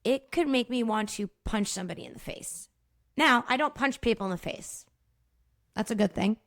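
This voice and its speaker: Solo podcast host, a woman; lively and emphatic, slightly high voice, talks straight to the listener. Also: normal speed, no room sound, clean studio sound. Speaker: podcast host, movement practitioner. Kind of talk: solo educational podcast talk.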